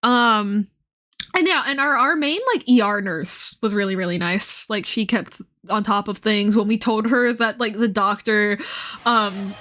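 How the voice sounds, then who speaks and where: A woman's voice: mid-range voice, a little slow, bright, forceful tone. A young woman streamer telling a rambling story in casual chat, with many ums and frequent laughs.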